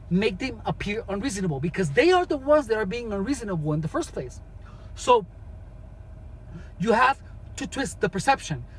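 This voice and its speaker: A man's voice: high-pitched, slight background noise, rough recording. A man talking casually as a vlogger, giving advice in a rambling way with many restarts.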